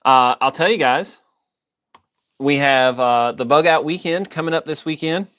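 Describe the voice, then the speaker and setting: His pitch runs on the high side and his tone is fairly bright as he speaks unhurriedly. He's a male livestream host going through chat, casually joking and naming viewers in greeting, with a cough and a faint wheeze.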